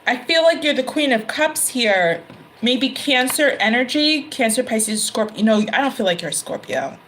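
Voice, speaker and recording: A woman's voice: fairly high pitch, animated, moderate pace, fairly bright tone, a little hiss or hum, poor audio. A woman giving a casual tarot reading, chatty, laughing often and correcting herself mid-sentence. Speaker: tarot reader. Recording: card shuffling and clicks behind voice.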